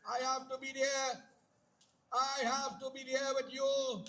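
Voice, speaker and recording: A man's voice: extremely high pitch, flat delivery, slow pace, fairly bright tone, exaggerated voice, poor audio. A man voicing a loyal young prince earnestly pleading to follow his brother.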